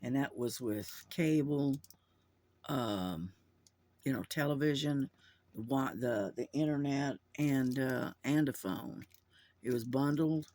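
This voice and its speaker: A man's voice: mid-range voice, a little mellow, no echo. A man chatting casually to his camera at home, rambling with lots of fillers and restarts. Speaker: vlogger. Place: at home indoors. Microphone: camera mic.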